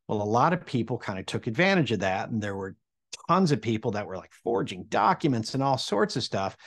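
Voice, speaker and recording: An American man in his forties spins a personal tale for an audience, with humor and a knack for suspense. His voice sits at an ordinary male pitch, lively in the telling without strain. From United States. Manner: animated and humorous, building suspense. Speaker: storyteller.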